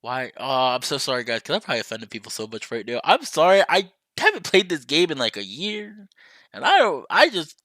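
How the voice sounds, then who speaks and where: A man's voice: fairly high pitch, sharp tone, no room sound. A young man streaming a visual novel, reading it aloud and chatting to viewers in a playful, apologetic way.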